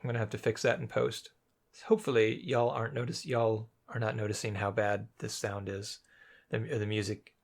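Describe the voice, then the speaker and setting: A man's voice: lowish voice, level tone, moderate pace, vocal fry, soft background music. A young man casually commentating his own gameplay after the fact, thinking aloud in a rambling, hesitant way with many restarts. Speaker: let's play commentator.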